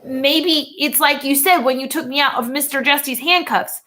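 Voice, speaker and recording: An earnest young country boy from a storybook talks plainly and quickly, as a woman reader puts him on. His voice is bright and fairly high.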